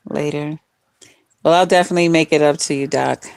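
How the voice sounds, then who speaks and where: A woman's voice: deep voice, fairly even intonation, fairly quick, creaky, a little mellow, smooth, dry recording. A woman guest on a live stream panel, chatting in a playful, teasing way with frequent laughs. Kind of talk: casual chat.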